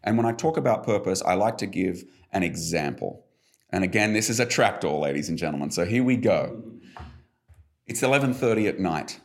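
A middle-aged man, a behavior coach talking as a podcast guest, who explains his ideas with animated, emphatic stories. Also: low-pitched, a little fast, creaky. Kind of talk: podcast conversation.

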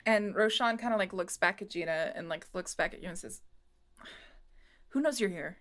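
A woman's voice: fairly low pitch, fairly quick, fairly bright tone. A woman narrating as game master of a tabletop game, casual, with many fillers.

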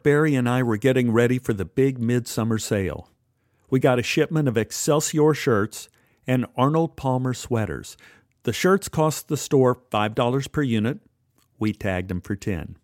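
A man tells a memoir story in a dry, wry, understated way. His voice sits at an ordinary middle pitch. The recording is close and dead dry. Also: darkish tone, dry recording. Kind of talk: first-person memoir storytelling.

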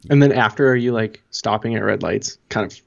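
A man's voice: lowish voice, fairly quick, creaky. A man, a podcast co-host, chatting bluntly and casually with plenty of swearing. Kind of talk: casual chat. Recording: dull, muffled lo-fi mic.

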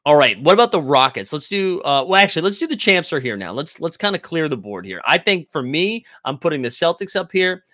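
A man talking loosely to a live chat as he hosts a basketball stream. His voice sits at an ordinary middle pitch, and he rambles, restarts and answers viewers by name in an easy, conversational way. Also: a bit bright. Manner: rambling, talks to his chat, reads viewer comments aloud. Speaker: sports livestream host. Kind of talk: casual chat.

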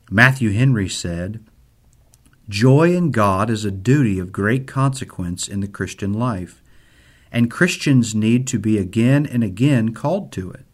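A man, an outreach pastor, giving an earnest, measured devotional and reading scripture aloud. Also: on the low side. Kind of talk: devotional sermon.

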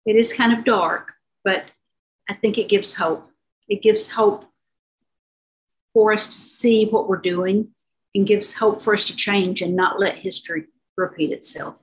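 A woman's voice: mid-range voice, steady tone, a little slow, a little hiss or hum, low-quality recording. A woman author over fifty, talking unhurriedly about her novel in an interview, with fillers and restarts. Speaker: author guest.

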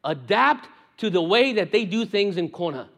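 Passionate high-voiced Brazilian pastor preaching. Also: male voice, sing-song, normal speed, creaky, fairly bright tone. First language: Portuguese. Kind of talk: sermon. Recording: reverberant hall.

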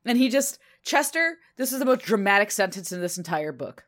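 A woman's voice: medium pitch, fairly quick, hardly any pauses. Chatty woman co-hosting a book podcast. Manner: chatty, animated retelling with swearing. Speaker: podcast co-host. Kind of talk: casual book discussion.

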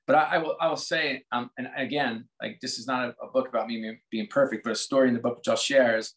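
A fast, fairly bright, mid-range male voice with fairly even intonation is heard on a rough recording. He is a US sports executive in his forties, a candid and reflective interview guest in a conversational format who keeps restarting his sentences.

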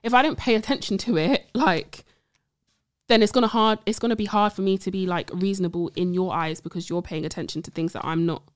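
A woman's voice: mid-range voice, steady tone, fairly quick, smooth, no echo, clean studio sound. A young woman, a trainee psychologist, talking casually in an interview, rambling with many "like"s and checks that she is understood. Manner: rambling, says "like" and "do you see what I mean" often.

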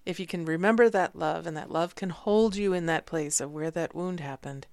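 A middle-aged woman co-hosting a relaxed talk, thoughtful and searching for her words. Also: lowish voice, moderate pace, dry recording. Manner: thoughtful, searching, many fillers. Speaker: podcast co-host. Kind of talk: casual conversation.

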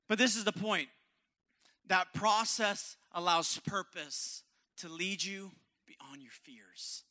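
Bright-voiced hoarse male pastor preaching. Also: high-pitched. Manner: impassioned, swinging from hushed to loud. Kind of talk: sermon. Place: church service.

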